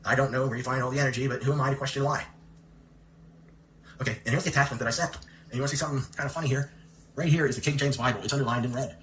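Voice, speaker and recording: A man's voice: mid-range voice, fairly even intonation, rapid-fire, pauses often, a bit bright, a little hiss or hum. A man hosting a commentary video, reading out a letter and firing off pointed rhetorical questions. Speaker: commentary channel host. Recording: echoey room.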